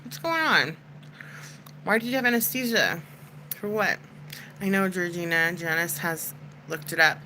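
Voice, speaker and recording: A woman's voice: on the low side, lively intonation, unhurried, long pauses, pushed and bright, a little hiss or hum, rough recording. A woman hosting a casual livestream chat, talking to viewers in a chatty, comforting way with lots of "like" fillers.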